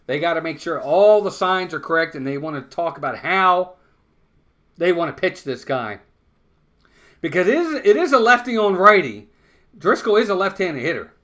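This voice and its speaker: High, bright-voiced fan commentator. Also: male voice, moderate pace. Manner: conversational, excitable on big plays, blunt criticism. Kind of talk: live baseball play-by-play commentary.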